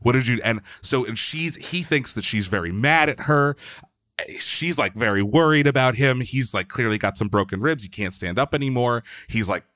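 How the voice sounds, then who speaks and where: A man's voice: medium pitch, moderate pace, bright, forceful tone, no room sound, studio quality. A man from Philadelphia, a podcast guest, telling a long story in a loose, chatty way, full of "like" and the odd swear word. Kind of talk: casual storytelling.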